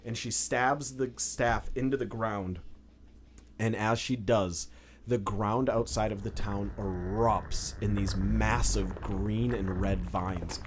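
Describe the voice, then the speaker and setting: A man's voice: on the low side, fairly even intonation, slow pace, slight background noise. A young man narrating as game master in a loose, casual way, with lots of fillers. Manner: loose, filler-heavy describing with many "like"s.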